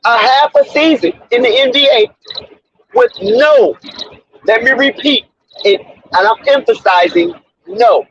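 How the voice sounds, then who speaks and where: A man's voice: very high-pitched, very animated, measured pace, pauses often, fairly bright tone, slightly rough, no room sound. A man hosting his own sports commentary channel, talking in an emphatic, preachy and repetitive way with street slang, on a dull lo-fi recording. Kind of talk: off-the-cuff sports commentary monologue.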